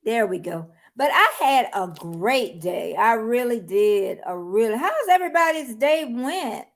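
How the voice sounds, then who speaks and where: High-voiced chatty woman hosting a livestream. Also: expressive, unhurried, no room sound. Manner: chatty, greets viewers by name, warm Southern-style colloquial speech. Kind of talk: casual livestream chat reading viewer comments. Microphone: laptop or phone mic, then earphones.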